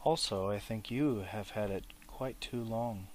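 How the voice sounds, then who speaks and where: A man reading an audiobook aloud, voicing a grave, wise old male wizard in a calm, quiet, deliberate way. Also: on the low side, slight background noise, lightly acted. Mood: firm.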